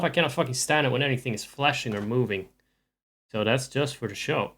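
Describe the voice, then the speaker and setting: A man's voice: medium pitch, fairly quick, fairly bright tone. Male streamer, casual chat, rambling, dry humor, stop-start phrasing. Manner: rambling, dry joking, many restarts.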